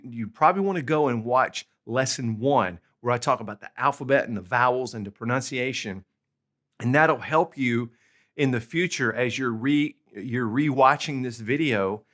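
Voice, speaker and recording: A man's voice: medium pitch, a bit bright. Patient man teaching a lesson. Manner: patient, repeats checks like "okay?" and "all right?". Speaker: language tutor. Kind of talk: instructional video lesson.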